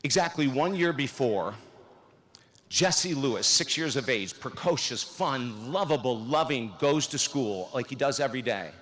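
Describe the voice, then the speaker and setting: A man in his sixties delivers a convocation address at a podium in a large field house. He tells his own story with energy and acts out the dialogue in it. His voice sits in a middle pitch. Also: expressive, unhurried, fairly bright tone. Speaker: convocation speaker. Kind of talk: commencement speech.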